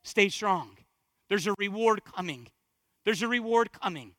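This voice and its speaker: Unhurried and with lively intonation, a man preaches a sermon as pastor, alternating between hushed lows and building, fervent exhortation while repeating phrases to emphasize them. There's no room sound.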